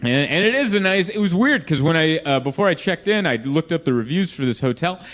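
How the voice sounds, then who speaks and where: A man doing a stand-up comedy set in a club, telling stories with lively delivery and acting out the people in them. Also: fairly high pitch, fairly quick, background noise. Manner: lively storytelling, acts out quoted people in shifting voices. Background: audience laughter.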